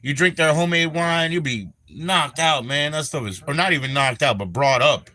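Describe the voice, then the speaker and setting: Bright-voiced older man chatting on a live stream. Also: fairly high pitch. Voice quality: swearing, rambling, drawn-out. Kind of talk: casual live-stream chat.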